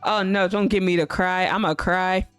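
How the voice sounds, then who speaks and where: A woman's voice: lowish voice, fairly even intonation, normal speed, a bit bright, clean tone, no room sound, soft background music. A young woman streaming a visual novel, reading it aloud and chatting in a giggly, gushing way.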